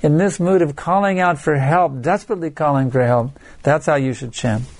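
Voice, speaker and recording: A man's voice: a little high, fairly quick, a little hiss or hum. Earnest older man giving a devotional lecture. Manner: earnest, exhorting, acts out chanting. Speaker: spiritual teacher.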